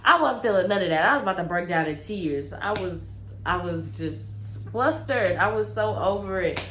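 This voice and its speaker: A young woman vlogger telling a casual, animated story with lots of slang. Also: medium pitch, moderate pace, slight background noise. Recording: roomy with faint ambience.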